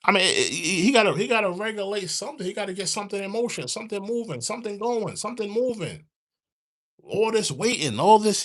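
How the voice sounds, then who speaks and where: A man with hosts a casual commentary stream. He talks in a high, lively voice that jumps around in pitch, circling back to the same points over and over. His delivery is loose and animated, like a live rant to his chat. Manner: animated, repetitive, rants and mock-sings. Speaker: commentary show host.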